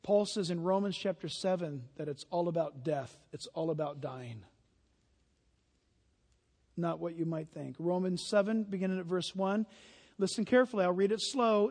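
A man preaching a sermon, animated and emphatic, building to loud peaks as he drives his points home. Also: high voice, unhurried, pauses often. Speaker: pastor. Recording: long hall reverb.

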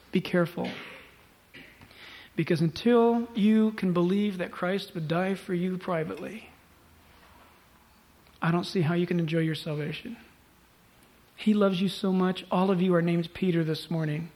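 A pastor preaching a sermon to a church congregation, emphatic and swinging between loud urging and hushed tones. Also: male voice, high voice, steady tone, measured pace, long pauses. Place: church service before a congregation.

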